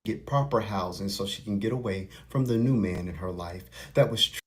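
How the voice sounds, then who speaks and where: A man's voice: lowish voice, fairly quick. A man giving earnest, somewhat preachy opinion commentary.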